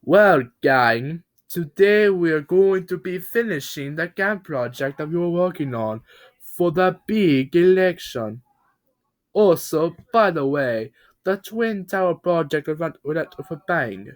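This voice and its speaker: A man's voice: a little high, lively intonation, takes it slowly, voice pushed up. A man voicing an unhinged cartoon builder who rants and screams in a raised, manic voice. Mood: cheery. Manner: yelling, manic, ranting.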